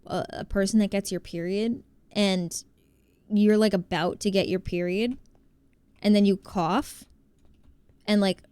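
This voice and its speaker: Smooth and mid-range, with no echo, this voice comes from a woman from New Jersey who has a New Jersey accent. While gaming on a live stream she keeps up casual chatter, reads chat aloud, and greets viewers.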